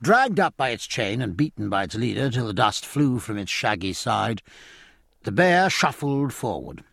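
A man narrating a story in a measured storytelling manner. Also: mid-range voice, very animated, creaky, a bit bright, no room sound, clean studio sound. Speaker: audiobook narrator. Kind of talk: scripted narration.

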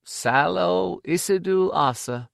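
A man voicing an older village woman who speaks flatly and indifferently. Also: sits high, slow, gravelly, dry recording, studio quality, voice pushed up, heavily acted. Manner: flat, indifferent.

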